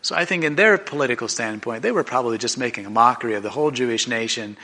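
A man preaching a sermon in an animated, conversational way, often restarting his sentences. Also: mid-range voice, fast talker. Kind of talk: sermon storytelling.

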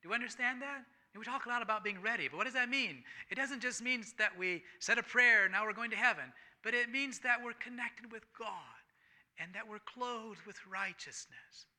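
Bright, high-voiced man preaching with fervor. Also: normal speed. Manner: swings between loud emphatic passages and hushed near-whispers; reads scripture aloud with rising fervor. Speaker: pastor. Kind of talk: sermon.

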